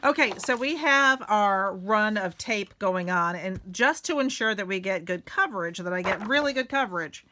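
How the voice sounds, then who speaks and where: A woman's voice: medium pitch, expressive, moderate pace, few pauses, bright, forceful tone, slight background noise. A middle-aged woman, hosting a casual craft tutorial and chatting while she works. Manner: chatty, self-deprecating, talks while working.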